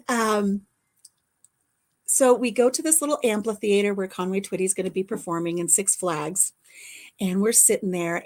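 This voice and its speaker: An older woman hosting a casual livestream chat, telling stories warmly and laughing often. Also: medium pitch. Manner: chatty storyteller, laughs often. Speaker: livestream host.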